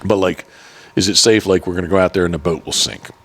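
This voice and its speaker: A man's voice: deep voice, quick pace, a bit bright, husky. A man hosting a podcast and telling rambling, profane hunting stories in a casual chat. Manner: rambling and profane, with many restarts. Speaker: podcast host and duck hunting guide.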